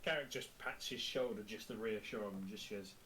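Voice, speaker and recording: A man's voice: fairly low pitch, fairly quick, a bit bright, a little hiss or hum, low-quality recording. A man playing a tabletop role-playing game, casually describing his character's actions. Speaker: player.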